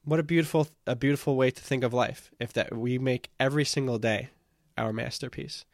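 A man's voice: mid-range voice, fairly even intonation, brisk, no room sound. Earnest male podcast host, dry sound. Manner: earnest, encouraging, repeats words while thinking. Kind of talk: casual podcast conversation.

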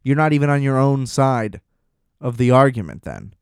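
A man's voice: medium pitch, very animated, moderate pace, vocal fry, clean tone, no echo, studio quality. A man ranting in casual commentary, rambling, sarcastic and full of swearing. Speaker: vlogger.

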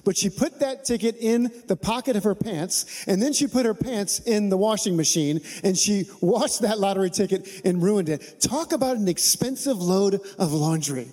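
High-voiced man preaching a sermon. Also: mellow. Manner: conversational, humorous, asks the congregation to respond. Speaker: pastor.

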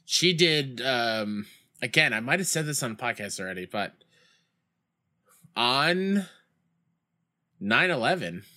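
Animated young man streaming a baseball game. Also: mid-range voice, slow, long pauses. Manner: animated, shouts when plays go wrong; reads chat aloud and tells rambling school stories. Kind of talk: casual gaming stream chat.

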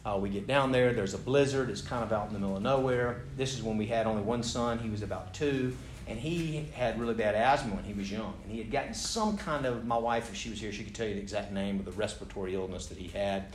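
Speaking fast and barely pausing, a lowish-voiced man from the United States tells a lively, self-mocking story as part of a sermon before a live crowd. The recording carries a spacious hall feel and a faint hum of background noise.

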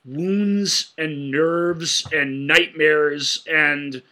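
A man's voice: a little high, fairly even intonation, drawn-out words, pushed and bright. A man co-hosting a casual film podcast, retelling scenes with enthusiasm and frequent stammered restarts. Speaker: podcast co-host.

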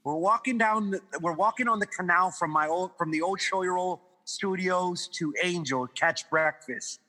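A man from Guam tells loose, animated stories as a guest on a podcast. His voice sits high and very bright, with some huskiness. The room gives it a long, echoing tail. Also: moderate pace. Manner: animated, laughing, swearing storyteller. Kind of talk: casual storytelling chat.

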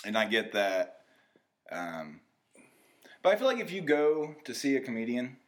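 A young man hosting a podcast, chatting casually with his friend. His pitch rises and falls freely as he jokes and ribs, and he often swears and drops into mumbled asides. The talk stays loose and unscripted. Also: very animated, measured pace. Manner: joking, profane, mumbling asides. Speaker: podcast host. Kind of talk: casual chat.

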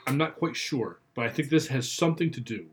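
A man casually commenting on a horror movie with a co-host, teasing with deadpan jokes. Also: mid-range voice, fairly quick, a little hiss or hum.

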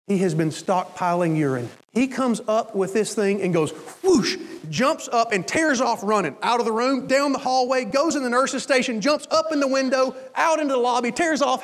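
A male preacher telling a long personal story in a sermon, animated and acting out the voices of the people in it. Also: sits high. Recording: long hall reverb.

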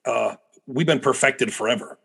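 Man, gravelly, husky, middle-aged, animated preacher chatting in an interview. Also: mid-range voice, normal speed. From United States. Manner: animated storyteller, frequent restarts. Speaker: guest preacher. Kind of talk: conversational podcast interview.

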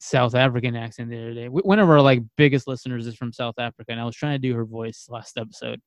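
A man's voice: medium pitch, quick pace, clear, resonant tone, no echo. A man co-hosting a podcast, easygoing and filler-heavy, laughing between his questions. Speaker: podcast co-host. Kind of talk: casual podcast interview.

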